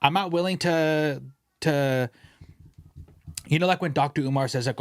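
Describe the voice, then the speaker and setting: A young man co-hosting a casual podcast, telling stories in an animated way with lots of slang and swearing, sometimes mimicking other people's voices. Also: fairly high pitch, measured pace, pauses often, no echo. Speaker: podcast co-host.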